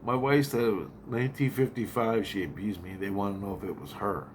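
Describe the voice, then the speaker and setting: A man's voice: lowish voice, fairly even intonation, brisk, slight background noise. A man talking in a casual vlog monologue, rambling, agitated and heavily profane.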